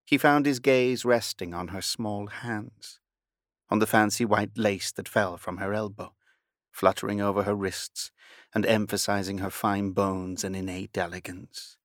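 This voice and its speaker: Male audiobook narrator, measured storytelling delivery, in a low register, dry recording. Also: steady tone, no room sound. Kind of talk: scripted narration.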